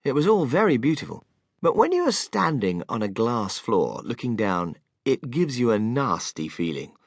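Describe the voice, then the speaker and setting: A man narrating a children's audiobook in an animated, expressive storytelling manner, close to the microphone. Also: mid-range voice, normal speed, no room sound. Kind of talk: scripted narration.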